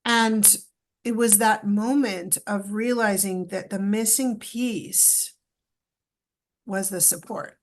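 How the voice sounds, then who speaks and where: A middle-aged woman from Canada, a podcast guest telling a story in a lively, emotional way and acting out the dialogue. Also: medium pitch, slow. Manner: animated, acts out quoted dialogue, emotional retelling. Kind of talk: storytelling in a casual interview.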